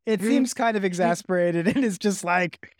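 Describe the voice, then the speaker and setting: A game master narrating a tabletop game in a playful manner, often laughing. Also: male voice, sits high, normal speed, dry recording, clean studio sound.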